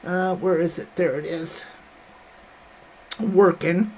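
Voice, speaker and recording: A woman's voice: lowish voice, steady tone, takes it slowly, darkish tone, slight background noise. A woman hosting a casual livestream from home, greeting chat viewers by name and calling them honey and sweetheart. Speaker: livestream host.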